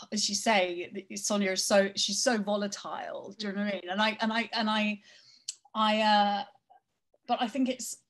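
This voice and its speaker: Woman, host, author interview, hesitant, restarts, mid pitch. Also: level tone, moderate pace, a bit bright. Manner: rambling, hesitant, many restarts. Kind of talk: casual discussion.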